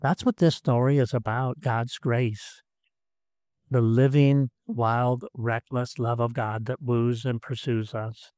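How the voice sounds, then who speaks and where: Male pastor, sermon delivery, earnest with repetitions, mid pitch, dry close recording. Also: steady tone, takes it slowly, no room sound. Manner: earnest, repeats words, swings between emphatic and soft.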